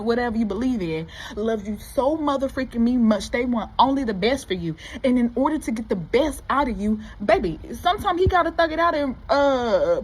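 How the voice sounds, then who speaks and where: A woman giving an animated motivational talk to her viewers, calling them baby and y'all. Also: fairly high pitch, slight background noise, rough recording. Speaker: motivational vlogger. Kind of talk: casual motivational talk to camera.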